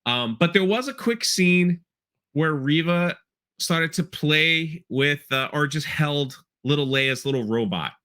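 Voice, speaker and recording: A man's voice: on the high side, lively intonation, slow pace, bright, forceful tone. A man hosting a casual podcast, rambling through an episode recap with loose asides and playful character impressions. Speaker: podcast host. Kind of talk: casual chat.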